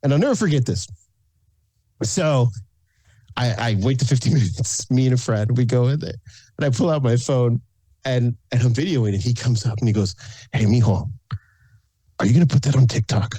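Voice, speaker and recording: Man, podcast guest, lively storyteller, mellow warm tone, dry close mic. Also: mid-range voice, moderate pace, husky, dry recording. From San Antonio, Texas. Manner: animated storyteller who acts out quoted people, laughs often. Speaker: guest, food content creator. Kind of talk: casual storytelling in a podcast interview.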